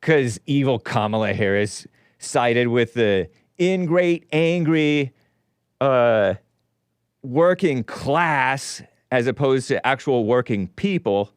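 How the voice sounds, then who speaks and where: A man in his forties hosting a call-in show, giving rambling, sarcastic, animated political commentary. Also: mid-range voice, slow pace, smooth, no room sound, clean studio sound. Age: 40s.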